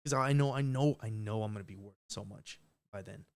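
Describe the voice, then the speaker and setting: A man's voice: lowish voice, a little fast, clear, resonant tone. A man talking live on a stream, rambling and emphatic, swearing often and restarting his sentences. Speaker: livestream host. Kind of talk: unscripted live stream rant.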